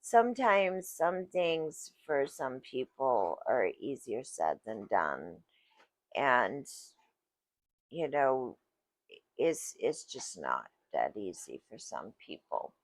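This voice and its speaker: A woman vlogger talking about her life in a casual, reflective monologue, halting and searching for words, recorded on a phone. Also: rumbling low, big pitch swings, dry recording. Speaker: vlogger sharing personal story.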